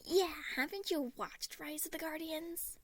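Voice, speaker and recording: A woman's voice: on the high side, measured pace, a bit bright. Woman voicing a chaotic joking twin boy. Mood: playful.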